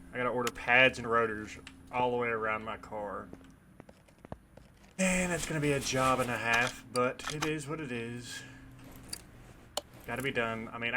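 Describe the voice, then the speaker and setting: A man's voice: mid-range voice, noisy background. Man chatting casually over gameplay. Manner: relaxed, rambling, playful asides. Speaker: gaming video host.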